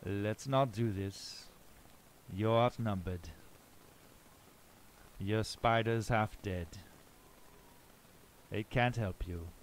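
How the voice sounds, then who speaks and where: A man voicing a menacing captor who speaks in slow, deliberate threats. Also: on the low side, slight background noise. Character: menacing male captor, cold and calm.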